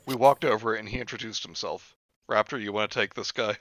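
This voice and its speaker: A man's voice: fairly low pitch, steady tone, fairly quick, fairly bright tone, dry recording. A young man hosting a stream, reading a book aloud with sarcastic asides and laughter. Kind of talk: comedic read-through with commentary.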